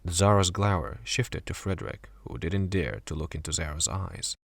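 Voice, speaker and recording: A man narrating a horror story audiobook in a measured, steady way. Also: low voice, gravelly, dry recording, clean studio sound. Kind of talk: scripted narration.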